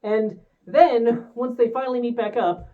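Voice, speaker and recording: A woman's voice: on the high side, unhurried, phone-quality sound. A woman giving a casual spoken movie review, ranting in an exasperated, profane way.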